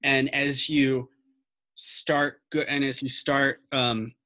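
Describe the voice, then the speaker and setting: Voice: mid-range voice, level tone, takes it slowly, pushed and bright. A game master narrating a tabletop horror session in a casual, profane way, often restarting sentences.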